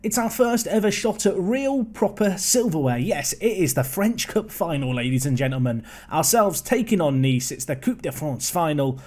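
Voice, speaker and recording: A young man giving casual, chatty commentary on a football management game, excitable and prone to rambling asides. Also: fairly high pitch, moderate pace, few pauses.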